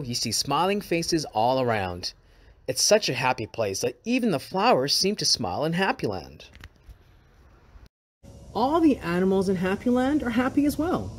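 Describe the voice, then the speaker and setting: A man reading a children's storybook aloud, expressive and playful with repeated words. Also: fairly high pitch.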